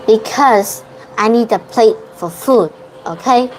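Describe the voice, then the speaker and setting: A woman's voice: on the high side, slow, slight background noise, poor audio. A young woman, a Vietnamese-speaking English student, practicing a debate in an online lesson, hesitant and often correcting herself. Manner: hesitant, restarts and self-corrections.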